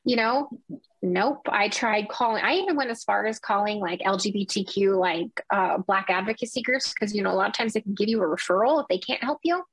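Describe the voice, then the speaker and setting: A woman's voice: mid-range voice, a little fast, fairly bright tone, slightly rough, no echo, low-quality recording. A middle-aged woman, a nurse, giving an earnest, impassioned account of her experience, often quoting what was said. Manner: earnest, impassioned, retelling with quoted dialogue. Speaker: nurse, interview guest. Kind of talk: emotional personal account.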